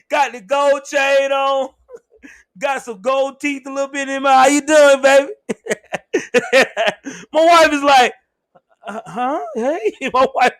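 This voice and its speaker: A young man hosting a livestream, telling a story in a casual, laughing, animated way. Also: very high-pitched, dry recording. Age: young adult. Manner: laughs often, animated, swears freely. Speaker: show host.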